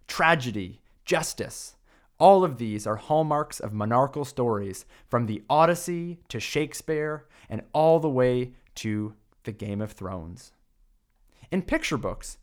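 A man co-hosting a book podcast, delivering a scripted, theatrical monologue in a grand, proclaiming manner. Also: mid-range voice. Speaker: podcast co-host.

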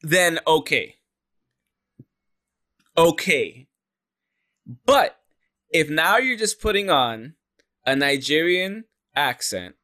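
Casting note: talkative male co-host with a fairly high, bright, forceful voice who swears a lot. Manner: animated, emphatic, swears freely. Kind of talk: casual wrestling chat.

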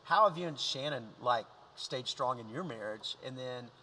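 A man, a pastor, interviewing a guest in an encouraging, soft-spoken way. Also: medium pitch, expressive, normal speed, slight background noise, rough recording.

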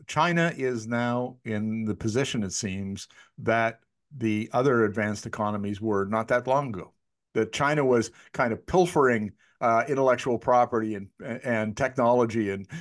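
A man's voice: mid-range voice, moderate pace. A man in his sixties interviewing a guest in a chatty, anecdotal way, often restarting his sentences. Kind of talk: conversational interview.

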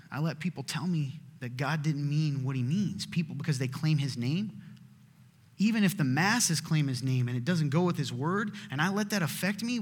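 A man preaching a sermon, passionate, swinging between emphatic and hushed delivery. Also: fairly high pitch, breathy edge. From Southern United States. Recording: reverberant hall.

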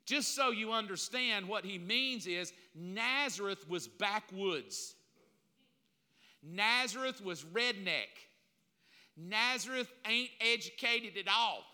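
A man's voice: sits high, lively intonation, takes it slowly, bright, forceful tone. A man preaching a sermon, emphatic and repetitive, with casual slang mixed in. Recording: long reverb of a large hall.

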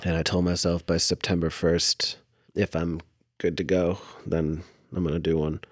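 A man with a very low voice talks through a casual podcast chat, meandering from thought to thought with plenty of fillers. The sound is close and dry, with no room around it. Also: flat delivery, moderate pace, no echo. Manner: rambling, laughs often, full of "like" and "I don't know". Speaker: podcast co-host.

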